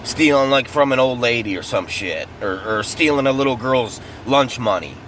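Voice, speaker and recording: A man's voice: mid-range voice, expressive, moderate pace, fairly bright tone. A man in an angry, profane true-crime rant, heated and repetitive, recorded outdoors near traffic. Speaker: vlogger.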